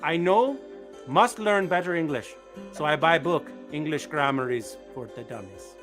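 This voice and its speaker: A boastful middle-aged Russian immigrant, as a man puts him on, talks in grand, broken English with a thick mock Russian accent. The voice sits fairly high, and a little music plays faintly behind him. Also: expressive, moderate pace, a bit bright.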